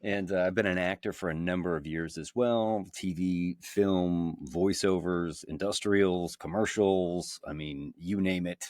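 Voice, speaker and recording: A man's voice: low voice, steady tone, a little slow, few pauses, a little mellow, no echo, clean studio sound. A man who works as an actor, chatting as a podcast guest in a self-mocking, chatty way. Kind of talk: casual podcast chat.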